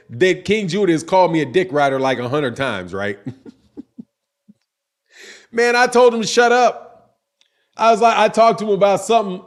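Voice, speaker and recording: Animated man, high voice, boxing chat. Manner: animated, slangy, repeats himself, laughs often. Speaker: boxing channel host. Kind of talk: casual livestream chat reading super chats.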